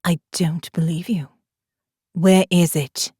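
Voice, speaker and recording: A woman voicing a tough female ex-soldier who speaks low, calm and threatening. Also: extremely slow, breathy edge, no room sound, clean studio sound, heavily acted. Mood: menacing. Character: hard, cold woman ex-soldier, menacing.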